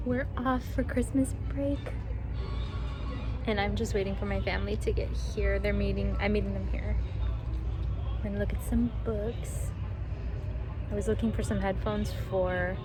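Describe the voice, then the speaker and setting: A woman's voice: medium pitch, fairly even intonation, moderate pace, pauses often, music in the background. A woman who is a teacher, chatting casually to camera in a vlog, rambling and laughing often. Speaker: teacher and vlogger.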